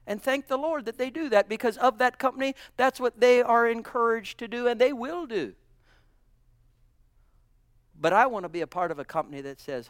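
A middle-aged man preaching a sermon, going from loud exclamations to hushed near-whispers, and slowing down low for scripture quotes. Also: animated, dry recording.

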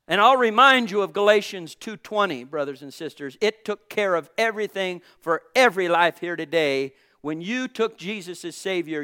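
A male pastor with a high, ringing, resonant voice delivers a sermon. He swells loud and emphatic on key words, then drops soft, and he stretches out scripture verses slowly for weight. The delivery is fervent, preacher-style. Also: smooth.

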